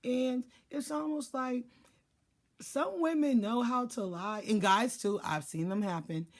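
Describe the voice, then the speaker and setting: A woman's voice: on the high side, measured pace. A woman giving casual life advice in a blunt, profane monologue, acting out what people say. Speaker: life and spiritual advisor.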